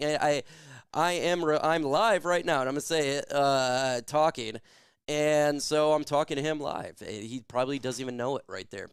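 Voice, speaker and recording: A man hosting a live sports stream, reading viewer comments quickly and shouting catchphrases with lots of energy. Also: a little high, smooth, no room sound, studio quality.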